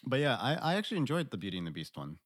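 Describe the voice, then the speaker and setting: A man co-hosting a casual podcast, chatting with dry, deadpan jokes. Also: mid-range voice, very fast. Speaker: podcast co-host. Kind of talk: casual chat.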